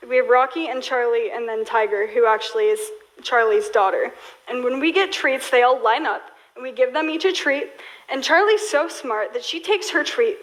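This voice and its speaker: A woman's voice: high voice, a bit bright, rough recording. A young woman preaching a sermon in a casual, storytelling way, full of "like" fillers.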